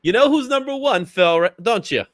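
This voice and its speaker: This livestream host has a high, expressive, fairly bright voice and speaks at normal speed, with clean studio sound and no room noise. He keeps things casual and upbeat, laughing frequently, welcoming chat viewers by name, and saying things like "you know what I'm saying."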